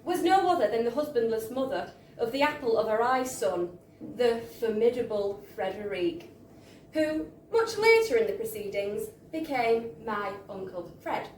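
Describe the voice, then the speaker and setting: A woman's voice: on the high side, very animated, moderate pace, darkish tone. A woman reading a story aloud in character at a live book launch in a bar, with playful theatrical narration. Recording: roomy room, distant mic, faint crowd hum.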